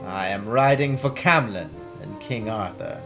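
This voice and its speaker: A man's voice: lowish voice, animated, measured pace, gravelly, music in the background, pitched below the performer's own voice. A man voicing an earnest young male knight with a put-on English accent and a formal storybook delivery.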